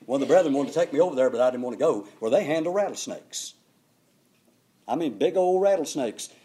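An older man preaching a sermon, telling stories with emphatic, animated delivery. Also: medium pitch, fairly quick.

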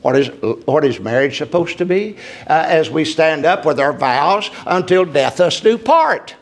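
A man delivers a sermon. His voice is a little high and gravelly with fry. He climbs into forceful emphasis, then falls back to quiet storytelling. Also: lively intonation, unhurried. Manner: preaching that rises to emphatic peaks and drops to quiet storytelling. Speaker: preacher.

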